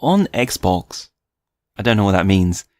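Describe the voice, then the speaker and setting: Podcast co-host: male, low voice, wry and laid-back, dry close-mic sound. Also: very animated, a little slow, no echo. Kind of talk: casual chat.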